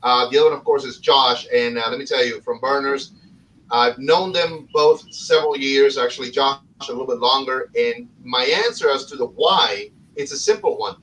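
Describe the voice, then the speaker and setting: A man's voice: medium pitch, normal speed, fairly bright tone, far from the mic, a little hiss or hum, poor audio. A man hosting a casual podcast chat, effusive and enthusiastic. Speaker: podcast host and cigar shop owner.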